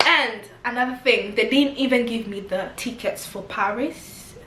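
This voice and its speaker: A young British woman tells a story for her vlog, full of slang and swearing. Her voice sits a little high and stays animated. The room is echoey, with a faint hiss underneath. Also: moderate pace. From Britain. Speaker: vlogger. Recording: roomy echo.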